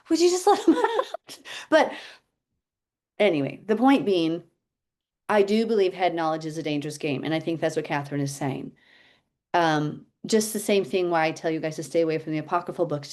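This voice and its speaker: A middle-aged woman leading a casual Bible teaching chat, telling stories in an animated, chatty way. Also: fairly low pitch. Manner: chatty, animated storytelling, laughs often.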